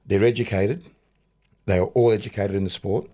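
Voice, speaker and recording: A man's voice: on the low side, fairly even intonation, a little fast, warm tone. A middle-aged man with an Australian accent, a boxing coach chatting in an interview, rambling and restarting his sentences. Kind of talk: casual interview chat.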